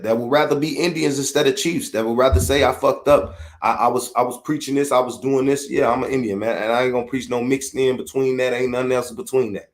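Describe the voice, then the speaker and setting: A middle-aged man from Chicago with a Chicago accent, ranting bluntly and profanely on his podcast. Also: medium pitch. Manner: profane, blunt, heated, repetitive. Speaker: podcast host. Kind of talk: unfiltered rant. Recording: echoey room.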